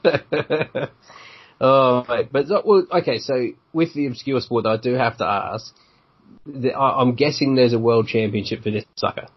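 A man hosts a casual podcast with laddish, eager energy and calls everyone mate. His voice sits mid-pitch and is husky. The recording sounds dull and lo-fi. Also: measured pace. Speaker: podcast host.

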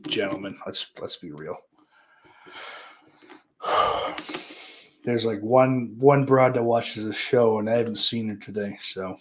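A man hosting his own movie vlog in loose, profane, rambling chat, trailing off and restarting. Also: mid-range voice. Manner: profane, rambling, offhand, full of fillers. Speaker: channel host showing his movie purchases.

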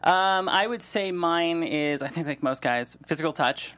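A man's voice: on the high side, moderate pace, fairly bright tone, no room sound. A man hosting a podcast in casual chat, playful and joking, rambling between stories. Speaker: podcast host.

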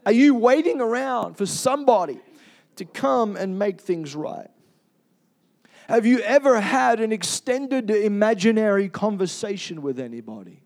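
Male preacher, high voice, emphatic and confessional, piles up rhetorical questions. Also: animated, measured pace, darkish tone. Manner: confessional storytelling. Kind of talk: sermon.

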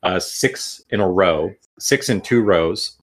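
A man narrating as game master of a tabletop game, pausing often with fillers. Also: low voice. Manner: halting with many fillers, playful.

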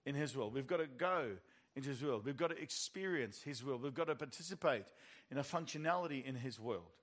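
A man's voice: medium pitch, lively intonation, fairly quick, fairly bright tone. A middle-aged man with a New Zealand accent preaching a sermon, telling stories with animation and laughing at his own jokes.

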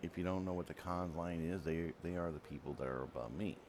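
Over a noisy background, a radio program host and writer rambles through a long, casual story, breaking into his own sentences along the way. He speaks briskly in a low-pitched voice.

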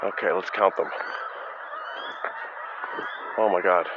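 A man with a very low voice hosts a casual solo podcast, wandering from topic to topic with self-mocking jokes. He records outdoors beneath flocks of honking geese. The sound is dull and lo-fi, with clear background noise. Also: fairly even intonation, takes it slowly. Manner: rambling, self-mocking and joking. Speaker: podcast host. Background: honking geese and outdoor ambience.

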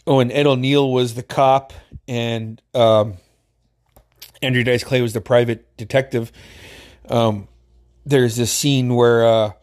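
A man's voice: medium pitch, fairly even intonation, slow pace, long pauses, a little mellow. A man casually telling a rambling personal story, laughing often and swearing a lot.

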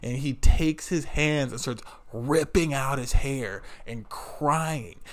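A man's voice: on the high side, measured pace, few pauses. A man telling a story about his old job in a casual vlog, swearing and sounding exasperated as he tells it. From United States. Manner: profane, animated, exasperated. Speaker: vlogger.

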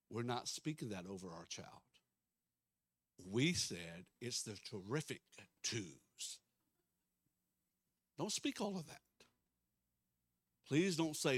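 Fervent pastor, emphatic sermon. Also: male voice, medium pitch, sing-song, takes it slowly, long pauses, no room sound. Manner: emphatic, swings between loud declarations and soft asides. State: out of breath.

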